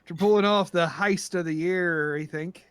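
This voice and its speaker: A man's voice: high-pitched, normal speed, a bit bright, a little hiss or hum. A man voicing a drunk, boastful male tiefling who just got rich from a heist, with a put-on Irish accent and a jovial, bragging manner.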